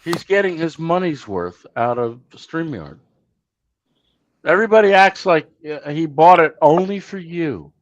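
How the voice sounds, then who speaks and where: Animated high-voiced man teasing on a call. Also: unhurried, no echo. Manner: teasing, animated, keeps pressing questions. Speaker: co-host. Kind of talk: casual chat. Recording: dull, dry remote-call audio.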